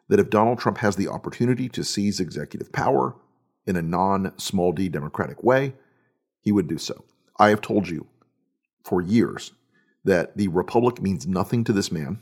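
A man's voice: sits low, gravelly, darkish tone, breathy edge. A man hosting, giving an emphatic, sardonic political commentary monologue. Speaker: host.

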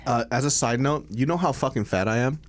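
A man co-hosting a food vlog, chatting casually and joking at his own expense. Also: medium pitch. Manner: joking, self-mocking, quick to laugh. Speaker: vlog co-host. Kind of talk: casual chat while eating.

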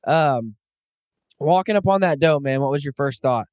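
A man's voice: fairly high pitch, lively intonation, moderate pace, a little mellow, no room sound, clean studio sound. A man in his thirties hosting a casual podcast, talking earnestly and enthusiastically with frequent "um"s. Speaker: podcast host. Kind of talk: casual hunting podcast chat.

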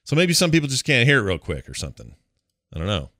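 A man's voice: mid-range voice, wildly swooping pitch, quick pace, fairly bright tone, no echo, clean studio sound. A man hosting a podcast in casual chat, joking and bantering playfully. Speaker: podcast host.

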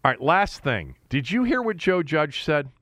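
Animated ranting sports talk man. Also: a little high, normal speed, no room sound, studio quality. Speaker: sports radio co-host.

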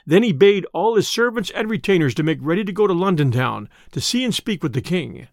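Man reading an old adventure story out loud, lively pitch, dry close sound. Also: a little fast, few pauses, no echo. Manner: expressive, old-style storytelling. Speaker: narrator. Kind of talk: storybook narration.

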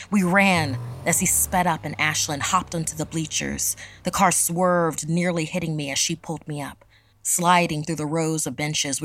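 Low, gravelly woman narrating horror. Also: a little hiss or hum. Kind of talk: first-person horror story narration.

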